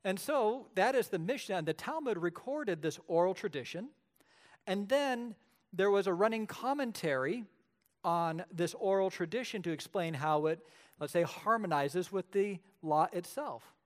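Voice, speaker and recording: Man, preacher, sermon, fairly high pitch, animated storytelling, loud-soft swings. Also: normal speed. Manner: lively storytelling preacher, shifts between loud and quiet. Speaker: pastor.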